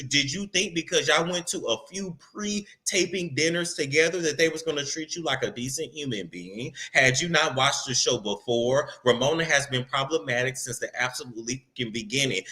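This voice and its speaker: Brash, very bright-voiced gossip host. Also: male voice, a little high. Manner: brash, profane, sarcastic; playful sing-song repetition. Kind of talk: casual rant to camera.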